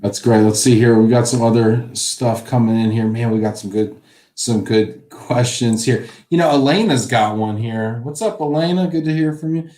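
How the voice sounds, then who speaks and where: A man's voice: mid-range voice, normal speed, warm tone. Echoey upbeat male stream host. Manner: upbeat, reads out viewer questions. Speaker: live show host. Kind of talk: casual live-stream chat. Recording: echoey room.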